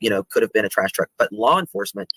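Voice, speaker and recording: A man explaining a video on a call, halting and restarting as he walks through the footage. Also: fairly low pitch, animated, sharp tone, dry recording, low-quality recording. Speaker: guest presenting a video.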